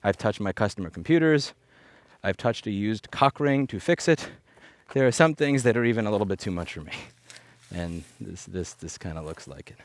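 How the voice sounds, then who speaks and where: Wearing a headset mic, a repair activist vlogger picks up litter outdoors and rants off the cuff, blunt and full of sarcastic asides. His voice sits on the low side and sounds animated at a normal speed, with no room sound.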